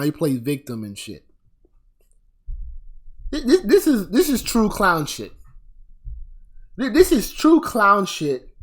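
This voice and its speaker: A man delivering a blunt, profane commentary rant, sounding exasperated and weary. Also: fairly high pitch. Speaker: commentary vlogger.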